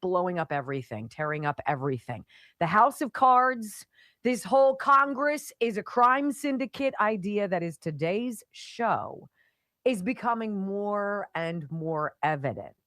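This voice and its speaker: A woman's voice: mid-range voice, expressive, a little slow, a bit bright, dry recording, clean studio sound. A woman hosting a talk radio show, delivering an opinionated monologue with sarcastic, mocking asides. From Pittsburgh area.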